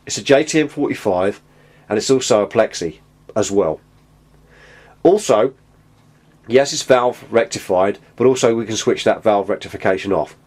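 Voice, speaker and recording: A man's voice: on the low side, moderate pace, long pauses, darkish tone, slightly rough. A man chatting casually to camera about guitar amps, rambling and restarting his sentences. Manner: rambling, chatty, self-interrupting. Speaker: guitar gear vlogger. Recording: distant from the mic.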